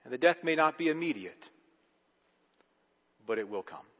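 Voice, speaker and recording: A man's voice: a little high, lively intonation, moderate pace, fairly bright tone, breathy edge, long reverb tail. A male pastor giving a conversational sermon, often repeating and restarting his words.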